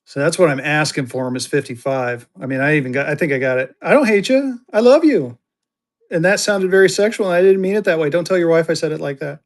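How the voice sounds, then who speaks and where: A man's voice: on the high side, fairly even intonation, fast, hardly any pauses. A man hosting a live online auction, chatty and jokey, bantering with viewers as he shows items. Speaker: livestream seller and host. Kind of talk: casual live auction selling.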